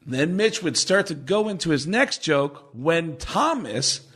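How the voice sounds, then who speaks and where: A male comedian, a podcast guest, telling stories in an animated way in casual conversation and acting out other people's voices. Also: a little high, a little slow, husky.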